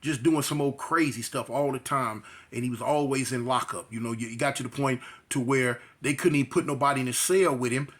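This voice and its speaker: A man's voice: mid-range voice, fairly quick, few pauses. A man from California, telling a story in a casual, slangy way and acting out voices and sound effects. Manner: animated, acts out quotes and sound effects, slangy. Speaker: storyteller recounting jail experiences.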